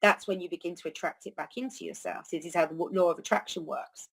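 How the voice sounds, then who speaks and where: A woman's voice: fairly low pitch, quick pace, husky, low-quality recording. A woman hosting a wellness talk, speaking earnestly in a loose, rambling way with frequent fillers about words and healing. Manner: earnest, rambling, with many "you know" fillers. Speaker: holistic healer and podcast host. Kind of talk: reflective spoken monologue.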